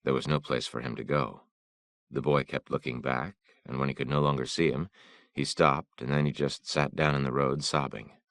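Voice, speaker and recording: A man narrates an audiobook in a measured, somber way. His voice is extremely deep and gravelly, recorded close and dry. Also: fairly even intonation, fairly bright tone, no echo.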